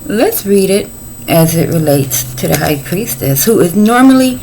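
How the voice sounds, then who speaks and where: A woman's voice: medium pitch, animated, normal speed, warm tone, slight background noise, low-quality recording. A middle-aged woman giving a casual tarot reading, chatty and folksy with playful asides. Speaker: tarot reader.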